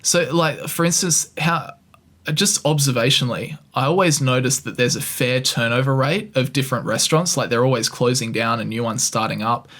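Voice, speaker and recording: A man's voice: medium pitch, normal speed, a bit bright. A young man co-hosting a podcast, talking in a rambling, sarcastic and self-mocking way. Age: young adult. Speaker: podcast co-host. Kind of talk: casual chat.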